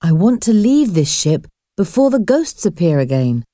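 A woman's voice: on the low side, sing-song, normal speed, dark tone, no echo, studio quality. A woman voicing a weary, stubborn young man who argues bluntly with ghosts. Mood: tired.

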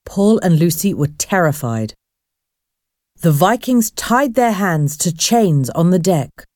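A woman narrating a storybook in a slow, expressive reading voice. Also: lowish voice, dry recording, clean studio sound.

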